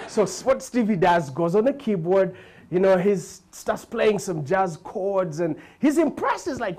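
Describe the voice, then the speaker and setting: A man's voice: moderate pace, noisy background. A man with a Ugandan English accent telling comic stories, acting out characters as he goes. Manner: animated, acts out characters with big pitch jumps. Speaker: comedian. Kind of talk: stand-up storytelling.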